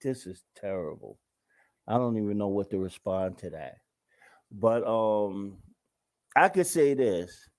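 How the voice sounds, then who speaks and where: A man's voice: lowish voice, expressive, slow, long pauses, a little mellow. A man hosting his own show, talking casually and in slang straight to his viewers. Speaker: show host. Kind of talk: casual talk-show monologue.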